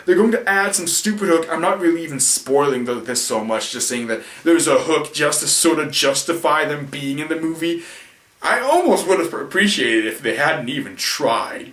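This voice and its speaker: A man rambles through a casual film review, tired from the late hour and tripping over his own restarts. His voice sits a little high. The sound is roomy and distant, as if the mic were across the room. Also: a bit bright. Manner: rambling, self-correcting, frequent restarts and fillers. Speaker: video reviewer.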